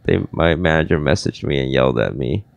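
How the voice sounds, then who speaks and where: A man's voice: extremely low pitch, a little fast, creaky, dry recording, lo-fi sound. A young man hosting a casual podcast who is losing his voice, rambling and self-deprecating as he slips in ad plugs. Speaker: podcast host.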